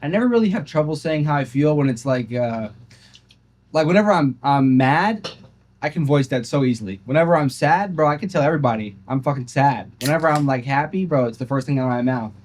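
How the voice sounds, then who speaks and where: A man's voice: mid-range voice, expressive, fairly quick, darkish tone. A man hosting a podcast, talking in a candid, slangy way. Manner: candid, slangy, says "bro" a lot. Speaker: podcast host. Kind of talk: casual chat.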